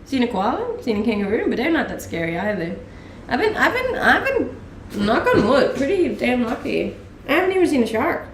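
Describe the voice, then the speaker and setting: A woman's voice: sits high, big pitch swings, fairly quick, few pauses, slight background noise. A young woman from Denmark chatting casually on a live stream, answering viewer questions in an easygoing way with frequent laughs and lots of fillers. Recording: echoey room, mic a little distant.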